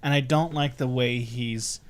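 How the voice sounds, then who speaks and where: A man co-hosting a casual podcast, earnest and measured when making his point. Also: mid-range voice, fairly even intonation. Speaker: podcast co-host.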